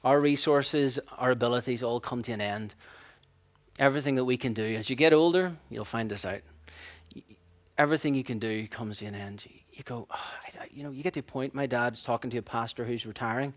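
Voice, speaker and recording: A man preaching a sermon, animated and storytelling, acting out voices and laughing at his own stories. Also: medium pitch, a little fast.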